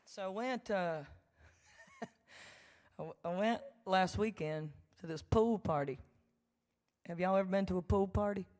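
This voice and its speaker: Between songs before a live audience in a large church hall, a woman songwriter tells a joking, folksy story, laughing and throwing asides to the crowd. Her medium-pitched, darkish voice is unhurried with long pauses, and the hall's long reverb fills the recording.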